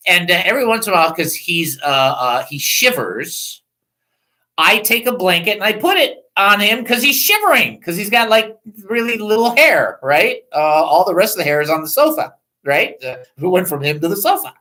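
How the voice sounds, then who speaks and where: On a low-quality recording, a high-pitched man talking at normal speed hosts a Christian radio call-in program from a studio microphone. His manner is animated, full of laughter and joking asides.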